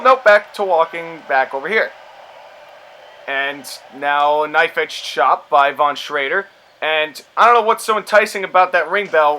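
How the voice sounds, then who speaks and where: A man's voice: high voice, sharp tone, slight background noise, rough recording. A man giving casual, rambling play-by-play commentary over a video game wrestling match, sarcastic and prone to exasperated outbursts. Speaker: commentator and show host.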